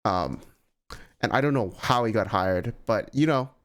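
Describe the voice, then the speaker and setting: A man's voice: on the low side, expressive, measured pace. A man giving casual, blunt reaction commentary as a gaming YouTuber, with lots of "like" and exasperated asides.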